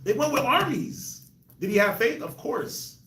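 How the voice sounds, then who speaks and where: A man's voice: very high-pitched, very animated, a little slow, fairly bright tone, reverberant, recorded from a distance, a little hiss or hum. A man hosting a casual Bible discussion, laughing often and talking in loose slang. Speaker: host of a Bible discussion show.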